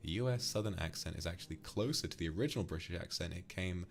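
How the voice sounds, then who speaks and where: A man's voice: sits low, quick pace, creaky, faint music behind. A man streaming, casually chatting and reading out viewer donations in a teasing, affectionate way.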